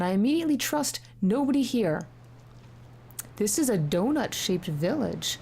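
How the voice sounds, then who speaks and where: A woman's voice: medium pitch, sing-song, unhurried, gravelly, a little mellow, husky. A young woman doing casual gameplay commentary, reading the game text aloud and mocking the story sarcastically, with the odd swear. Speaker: let's-play gamer.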